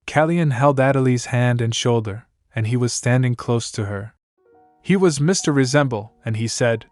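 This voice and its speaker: Man flatly reading a story recap. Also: medium pitch, moderate pace, no echo, faint music behind. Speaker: narrator. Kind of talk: scripted manhwa recap narration.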